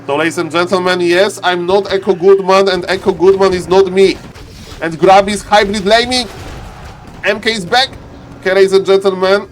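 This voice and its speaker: A man casting a strategy game match, swinging from calm talk to frantic repeated shouting. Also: high-pitched, normal speed. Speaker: game caster. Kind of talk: excited esports commentary.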